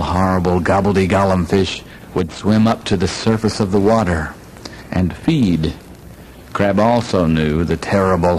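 A man reading a children's story aloud, slow and lilting, inviting listeners to join in on the repeated parts. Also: low-pitched, darkish tone, slight background noise, rough recording.

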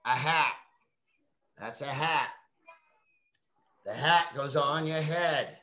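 A woman teaching young children, reading a picture book aloud in a slow, coaxing way and prompting them to repeat words. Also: sits low, a bit bright. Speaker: kindergarten teacher.

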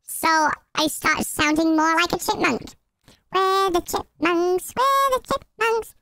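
Man pitched up into a squeaky chipmunk voice. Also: little pitch movement, unhurried, vocal fry, noisy background, exaggerated voice. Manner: goofy, sing-song. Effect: pitch shifted up to chipmunk voice.

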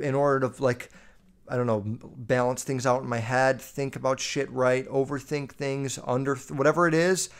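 A man in his early twenties hosting a podcast, ranting casually in a blunt, profane, animated way. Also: mid-range voice, clear, resonant tone. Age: 20s. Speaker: podcast host. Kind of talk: casual rant.

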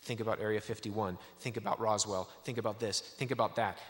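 A man's voice: lowish voice, steady tone, brisk, close to an everyday voice. A man voicing an earnest businessman convinced of alien theories, insistent and listing claims one after another, in an echoey hall.

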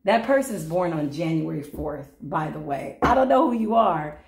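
A woman's voice: low-pitched, animated, moderate pace, darkish tone, echoey room. A woman giving a channeled tarot reading to her viewers, with a playful, teasing manner and sing-song greetings. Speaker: tarot reader.

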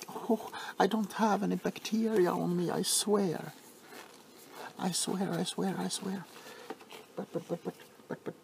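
A man playing an overly attached, sentimental pharmacist in a whispered role-play, softly fussing and apologizing. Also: medium pitch, lively intonation, slow, gravelly, pauses often, slight background noise. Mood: apologetic.

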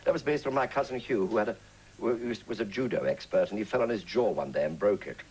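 Deep-voiced English man in his sixties. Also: fast, poor audio. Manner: lively storyteller, breaks into character voices and laughs. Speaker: actor, interview guest. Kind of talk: anecdotal chat show interview. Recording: 1980s TV studio, faint hiss.

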